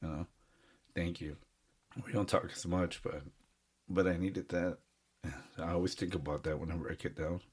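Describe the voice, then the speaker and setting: A man's voice: sits low, steady tone, moderate pace, long pauses, husky. A man co-hosting a podcast, talking in an earnest, heartfelt and rambling way with lots of fillers. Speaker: podcast co-host. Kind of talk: casual chat.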